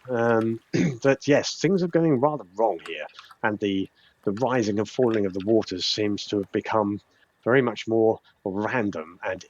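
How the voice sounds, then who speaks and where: A man narrating as game master of a tabletop game, talking with many fillers and restarts. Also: on the low side. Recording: muffled lo-fi audio.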